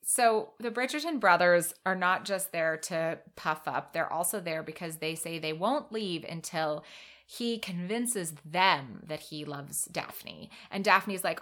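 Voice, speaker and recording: A woman with a slightly low but bright voice co-hosts a casual book podcast. She recaps the plot and gives her views in a thoughtful way, now and then hesitating and starting over. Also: unhurried. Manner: thoughtful, hesitant, with restarts when giving opinions. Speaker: podcast co-host.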